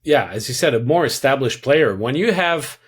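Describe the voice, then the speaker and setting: A man's voice: medium pitch, expressive, normal speed, husky. A man with a French Canadian accent, a native French speaker, co-hosting a podcast and reading listener questions aloud. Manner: reads listener questions aloud, light self-deprecating humor. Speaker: podcast co-host. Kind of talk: casual podcast chat, reading a mailbag question.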